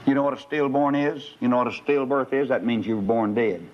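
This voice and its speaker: Male preacher, sermon, rhetorical questions, storytelling, mid-pitched voice, dull lo-fi recording. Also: brisk.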